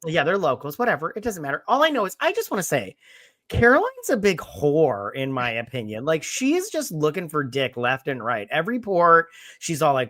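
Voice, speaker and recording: A man co-hosting a casual movie review podcast, animated, acting out characters' lines and swearing freely. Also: a little high, fairly quick, dry recording, clean studio sound. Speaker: podcast co-host.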